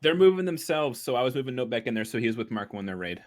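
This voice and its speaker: Male gamer, quick and animated, casual storytelling banter. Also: medium pitch. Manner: fast storytelling with laughs. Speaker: fellow player. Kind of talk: casual gaming chat.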